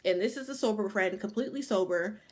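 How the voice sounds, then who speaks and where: A young woman in her twenties tells a personal story straight to her followers. She swears often and leans on "like" in nearly every sentence. Her voice sits right at an ordinary middle pitch. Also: fast. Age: 20s. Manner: casual, profane, full of "like" fillers. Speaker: vlogger. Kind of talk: casual storytime.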